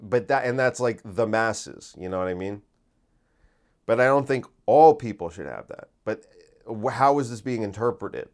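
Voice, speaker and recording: A man's voice: on the low side, normal speed, a little mellow. A man hosting a podcast, talking casually and incredulously, full of restarts and rhetorical questions. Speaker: podcast host.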